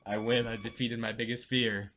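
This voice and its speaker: A man's voice: medium pitch, little pitch movement, moderate pace, a bit bright, a little hiss or hum. A man playing along in casual let's-play banter, giggly, shrieking and trash-talking his friends. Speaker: guest player.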